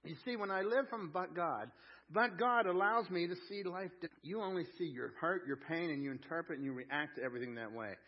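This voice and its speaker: A man's voice: a little high, a little fast. A man preaching a sermon as pastor, telling homely stories in an emphatic, colloquial way. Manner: folksy storytelling, emphatic, colloquial. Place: church sanctuary. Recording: dull lo-fi sound with long hall reverb.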